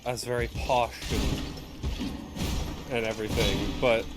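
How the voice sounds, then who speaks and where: A man keeps up loose, rambling commentary as he plays, tossing off wry asides in a voice of middling pitch. Loud game music sits under his talk the whole way through. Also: level tone, slow pace. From United States. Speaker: gameplay streamer. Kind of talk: casual gameplay commentary.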